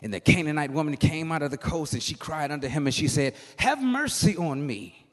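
A man preaching a sermon in a church, swinging from hushed murmurs to shouted, singsong phrases. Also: a little high, fairly even intonation, fast. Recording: long hall reverb.

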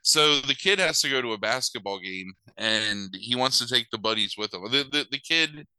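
A man's voice: mid-range voice, expressive, moderate pace, bright, forceful tone, clear, resonant tone, no room sound, poor audio. A young man casually recapping a movie plot, rambling with lots of fillers and wry asides.

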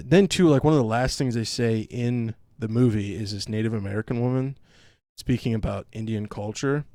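A man's voice: fairly low pitch, dark tone, no echo. Sarcastic profane man, dry close mic. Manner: sarcastic, mocks others in put-on quotes. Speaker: podcast co-host. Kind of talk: profane casual rant.

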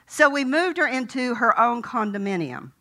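Older woman, sermon, bright tone, folksy storytelling, conversational. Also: fairly high pitch, animated, moderate pace. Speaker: preacher.

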